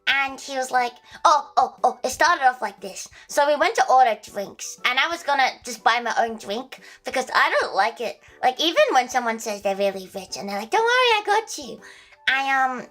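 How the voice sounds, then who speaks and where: Woman streamer, high and bright, casual rambling storyteller with lots of restarts and laughs; faint music bed. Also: normal speed. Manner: rambling, many restarts, laughs at own jokes.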